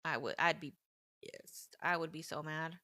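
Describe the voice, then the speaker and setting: A woman in her thirties talks on a casual live stream in a lower, gravelly voice with a lot of fry. Her delivery is animated and indignant, full of "like"s, and her pitch swings widely. The sound is close and dry, with almost no room echo. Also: measured pace. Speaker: livestream host.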